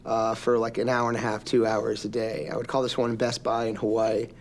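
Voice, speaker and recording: A man, an actor as an interview guest, telling stories in a relaxed way with frequent ums. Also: lowish voice, a little fast, a little hiss or hum. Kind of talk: interview anecdotes.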